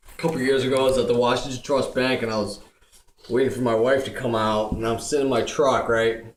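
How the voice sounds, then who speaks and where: A man's voice: medium pitch, flat delivery, fast. A young man telling a crude comic story, rambling and laughing through it. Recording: echoey room with crowd chatter.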